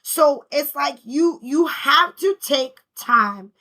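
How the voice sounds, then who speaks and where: A woman's voice: high voice, expressive, slow pace, bright, forceful tone. A woman giving a casual spiritual self-help talk in an emphatic, slangy, repetitive style. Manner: emphatic, repetitive, preacher-like rhythm; conversational, slangy. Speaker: spiritual healing vlogger.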